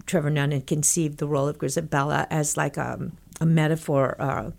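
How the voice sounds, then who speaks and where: Older lady from texas, lowish voice, animated storyteller in an interview, laughs a lot. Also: fairly quick, creaky. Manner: lively storyteller, acts out quotes, laughs often. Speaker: guest.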